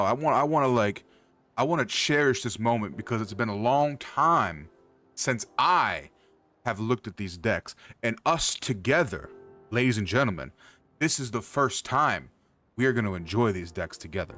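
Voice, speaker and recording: Soft music plays in the background as this man hosts his livestream, animated and sharp-toned at medium pitch and moderate pace. He chats casually with viewers, hyped, loose and profane, speaking straight to the chat.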